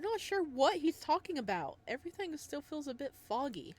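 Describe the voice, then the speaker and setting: A woman playing a game, reading its narration aloud and reacting excitedly, talking back to the character. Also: sits high, moderate pace, hardly any pauses. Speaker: game player.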